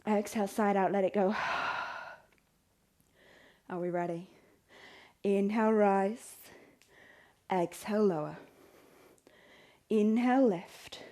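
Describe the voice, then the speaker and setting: A woman's voice: medium pitch, mellow. A woman teaching a yoga class, calling out poses, breaths and counts in an encouraging way. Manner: encouraging, counts reps aloud. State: out of breath at times. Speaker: yoga instructor. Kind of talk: guided yoga class cues.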